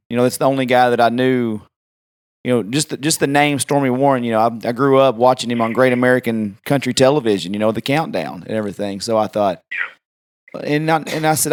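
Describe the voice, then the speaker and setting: A middle-aged man hosting a podcast, talking in a relaxed, chatty way. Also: medium pitch, fairly quick, clear, resonant tone, no room sound, studio quality. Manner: relaxed, chatty, many fillers. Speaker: podcast host. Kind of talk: casual podcast conversation.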